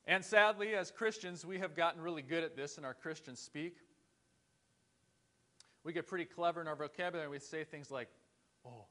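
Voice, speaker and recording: A man's voice: on the high side, bright, forceful tone. A man preaching a sermon in a church, earnest and conversational, asking his listeners rhetorical questions. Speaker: pastor.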